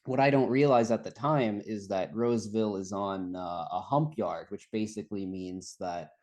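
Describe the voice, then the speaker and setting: A young man with a fairly low voice tells a long, rambling story in casual conversation. He laughs often and swears freely as he goes. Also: moderate pace, a little mellow. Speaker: guest storyteller. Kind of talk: casual chat.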